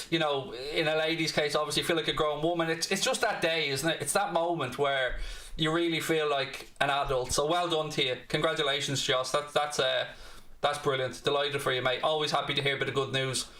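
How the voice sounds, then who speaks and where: Dublin Irish host, blunt and cheeky, bright edgy voice, a bit high, roomy echo. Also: male voice. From Ireland, Dublin. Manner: blunt, cheeky, swears freely. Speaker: fan channel host. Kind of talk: football watchalong chat.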